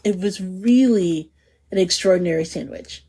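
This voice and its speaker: A woman's voice: medium pitch, expressive, measured pace, a little mellow. A woman co-hosting a casual food podcast, describing a dish with savoring enthusiasm. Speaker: podcast co-host.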